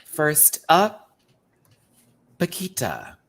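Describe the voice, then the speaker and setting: A man hosting a casual panel show, reacting to runway looks in a campy, animated way. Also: on the high side, drawn-out words, creaky. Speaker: host. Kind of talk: casual chat reviewing drag looks.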